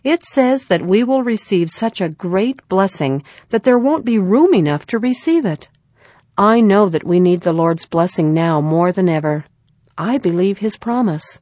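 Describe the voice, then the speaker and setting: A woman voicing a gentle, worried young mother who speaks softly in a storybook reading. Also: medium pitch, lively intonation, measured pace, dry recording. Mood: earnest. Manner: gentle, soft-spoken.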